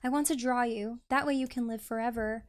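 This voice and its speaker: A woman reading aloud as a quiet, gentle male ghost shopkeeper in a game story. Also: a little high, fairly even intonation, brisk, lightly acted.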